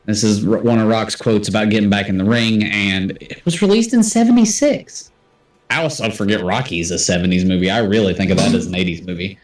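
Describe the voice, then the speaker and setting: A man's voice: on the low side, a little fast, roomy sound, distant mic. A man hosting a casual livestream trivia game, chatty and self-deprecating as he reads out answers. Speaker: trivia host.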